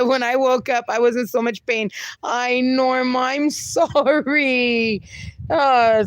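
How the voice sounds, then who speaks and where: A woman's voice: mid-range voice, no echo. A woman hosting a casual livestream, reading viewer comments aloud and teasing them with frequent laughter. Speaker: livestream host reading chat. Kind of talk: casual live chat.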